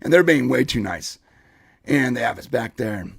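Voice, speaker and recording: A man co-hosting a podcast, telling a wild story in a casual, animated way and acting out what people said. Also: mid-range voice, normal speed, vocal fry, breathy edge, no room sound, studio quality. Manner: animated, acts out quotes. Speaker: podcast co-host.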